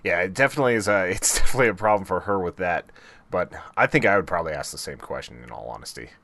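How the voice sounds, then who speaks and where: A man's voice: sits low, lively intonation, very fast, pushed and bright, dry recording. A man co-hosting a podcast, laid-back and casual in a TV episode recap chat. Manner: laid-back, chuckles often. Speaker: podcast co-host.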